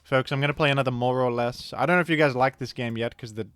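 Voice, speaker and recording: A man's voice: mid-range voice, quick pace, a bit bright, no echo. A man giving casual, rambling gameplay commentary as a video creator, chatting to viewers and often correcting himself mid-sentence.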